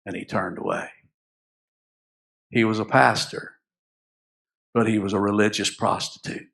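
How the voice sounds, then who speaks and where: Bright-voiced preaching pastor. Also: male voice, on the low side, steady tone, a little slow, vocal fry. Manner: storytelling, building to loud impassioned preaching; asks the congregation questions. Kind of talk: sermon.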